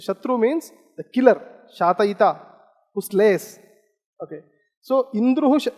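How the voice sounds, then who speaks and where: High-voiced man lecturing in a hall. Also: animated, normal speed, pauses often, a little mellow. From India. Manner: explanatory, with frequent "okay" and "uh" fillers. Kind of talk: academic lecture.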